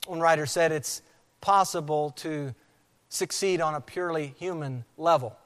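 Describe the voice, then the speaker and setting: A man preaching a sermon as pastor, with emphatic delivery that slows to repeat key phrases. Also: on the high side, a bit bright. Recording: long hall reverb.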